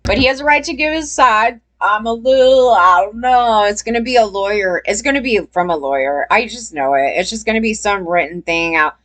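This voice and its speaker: A woman's voice: medium pitch, brisk, few pauses, a bit bright. A woman hosting a casual commentary channel, talking bluntly and chattily to her viewers with plenty of fillers and some swearing.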